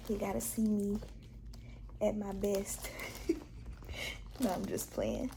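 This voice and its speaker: A woman's voice: medium pitch, flat delivery, slow, gravelly, long pauses, noisy background. Chatty pregnant woman in her twenties. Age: 20s. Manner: chatty, talks straight to viewers. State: heavily pregnant. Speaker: vlogger. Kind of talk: casual chat to camera. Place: at home. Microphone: on-camera mic.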